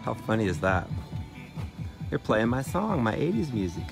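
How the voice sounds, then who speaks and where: A man giving a casual walking tour by a lake in a playful, chatty way, pausing often with "uh". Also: on the low side, very animated, gravelly, music in the background. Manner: playful, chatty, with frequent "uh" pauses. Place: outdoors by a lake. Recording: outdoor background noise.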